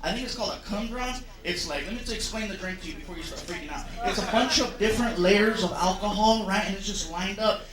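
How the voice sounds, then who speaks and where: A man doing stand-up storytelling on a large stage, animated and acting out voices. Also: sits high, fast talker, hardly any pauses, crowd noise. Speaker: stand-up comedian. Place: large comedy stage with audience. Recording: echoey venue with audience noise.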